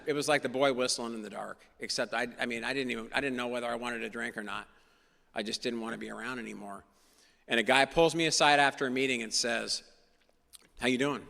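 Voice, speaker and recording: A man's voice: medium pitch, vocal fry, bright, forceful tone. A man telling his personal recovery story to a meeting, earnest and emphatic, driving points home by repeating key phrases. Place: meeting hall. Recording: long reverb of a meeting hall.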